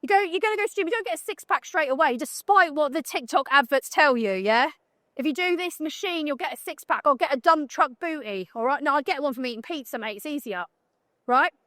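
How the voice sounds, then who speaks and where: High-voiced blunt British woman. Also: lively intonation, a little fast, a bit bright, no echo, studio quality. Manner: blunt, joking, chatty, asks the audience questions. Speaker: photographer giving a talk. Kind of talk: live conference talk. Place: conference talk room at a trade show.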